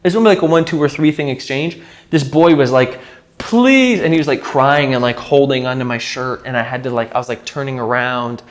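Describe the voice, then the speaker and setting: A man's voice: medium pitch, fairly even intonation, fast, slight background noise. A man talking casually to camera in a vlog, rambling and leaning heavily on filler words. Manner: rambling, heavy use of filler "like". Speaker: vlogger. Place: rented house.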